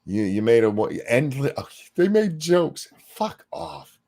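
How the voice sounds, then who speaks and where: A man's voice: mid-range voice, big pitch swings, moderate pace, dark tone. A man co-hosting a casual political commentary chat, blunt and sarcastic, swearing freely and reading viewer messages aloud. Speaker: podcast co-host.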